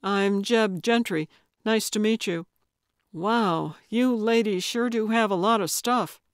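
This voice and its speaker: A woman's voice: medium pitch, slow pace, no echo, studio quality, lightly acted. A woman voicing an earnest, somewhat hesitant male paramedic in an audiobook. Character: young man, earnest awkward paramedic. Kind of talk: audiobook character voice.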